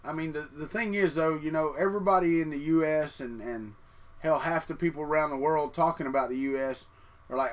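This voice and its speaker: A man's voice: fairly high pitch, brisk. A man, hosting a casual livestream from his trailer home and chatting folksily with viewers. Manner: folksy, talks straight to chat. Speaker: 3D printing livestream host.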